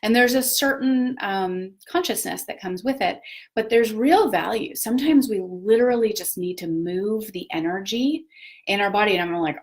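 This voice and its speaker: A woman's voice: medium pitch, normal speed. Chatty reflective woman talking live. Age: adult parent of children. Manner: chatty and reflective, many fillers and self-corrections. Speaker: host of a live video talk. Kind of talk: casual spoken talk on personal growth.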